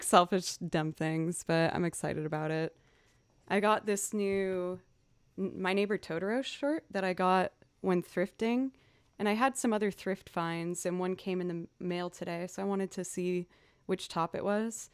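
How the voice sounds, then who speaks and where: A woman's voice: on the low side, fairly even intonation, unhurried, smooth, dry recording. A young woman chatting casually with viewers on her music livestream, upbeat and encouraging herself.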